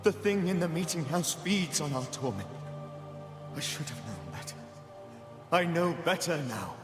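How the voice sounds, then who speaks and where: A man's voice: fairly high pitch, lively intonation, a little slow. An actor voicing the ghost of a grieving husband who pleads to stay and protect his wife. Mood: pleading. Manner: pleading, mournful. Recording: game audio with long reverb and music.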